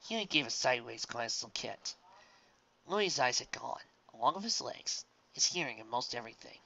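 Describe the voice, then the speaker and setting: Bright-toned man reading a story. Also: medium pitch, lively intonation, moderate pace, creaky, lo-fi sound. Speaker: reader. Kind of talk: reading fan fiction aloud.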